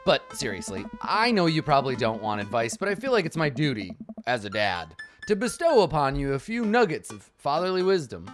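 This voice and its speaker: A man's voice: medium pitch, big pitch swings, fairly quick, hardly any pauses, faint music behind, close to an everyday voice. A man playing a goofy, well-meaning dad who gives mock-solemn fatherly advice with comic swerves, reading game dialogue aloud. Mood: earnest.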